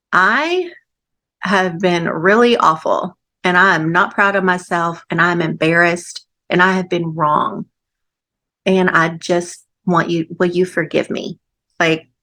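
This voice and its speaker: Middle-aged woman, podcast host, lively storyteller who acts out the voices of others and laughs often, mid-range pitch. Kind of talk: personal storytelling.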